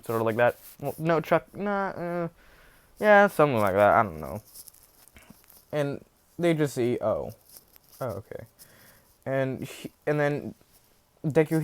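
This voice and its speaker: A man's voice: mid-range voice, smooth. A man casually retelling a fan story off the cuff, rambling with many fillers and self-corrections.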